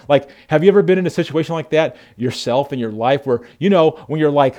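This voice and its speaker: A man preaching a sermon as pastor, animated storytelling with frequent restarts. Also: a little high, fast, hardly any pauses.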